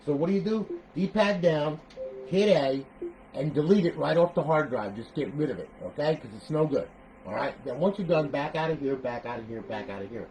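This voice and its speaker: A man walking viewers through a modded game console setup in a casual, talky tutorial, checking in with "okay?" after nearly every step and breaking into animated outbursts. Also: a little high, moderate pace, poor audio. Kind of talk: casual screen-recorded tutorial.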